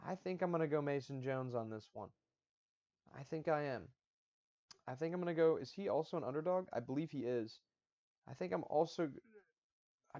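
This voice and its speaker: A man's voice: medium pitch, darkish tone. A man hosting a casual solo talk on fight predictions, rambling and interrupting himself with slangy asides. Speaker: MMA fight predictions host. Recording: dull lo-fi audio.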